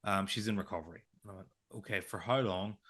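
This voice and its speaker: Man retelling a hard memory, low-voiced. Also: quick pace, fairly bright tone. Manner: emotional retelling with quoted dialogue, hesitant restarts. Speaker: podcast co-host. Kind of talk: personal storytelling.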